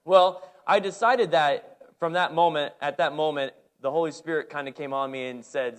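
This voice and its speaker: A man preaching a sermon who tells a personal coaching story, animated and full of restarts and repeated words. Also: on the high side, moderate pace, hardly any pauses. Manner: animated storytelling, shouting when reliving the game, many restarts. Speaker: pastor and girls' basketball coach.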